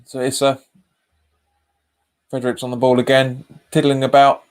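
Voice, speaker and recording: A man's voice: medium pitch, completely flat delivery, normal speed, darkish tone, smooth. A man hosts a live football watch-along. He chats casually, repeats his phrases and reads viewer comments aloud. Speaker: fan channel host.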